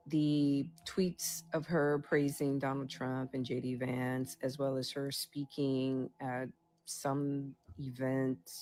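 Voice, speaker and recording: A woman's voice: extremely low pitch, darkish tone. A woman political commentator giving an opinion piece with a pointed, lecturing delivery.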